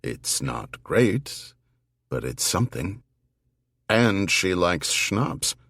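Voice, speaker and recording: A man's voice: low-pitched, very animated, very slow, vocal fry, a bit bright, slightly rough, no echo, clean studio sound, heavily acted. A man voicing a wry female army investigator. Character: female army investigator, dry and quick-witted.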